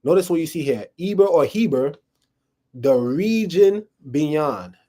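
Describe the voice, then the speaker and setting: A man with a fairly high, expressive, mellow voice teaches from the Bible at an unhurried pace to a small group present in a room. His manner is casual, and he checks in regularly, tossing out "right?" over and over.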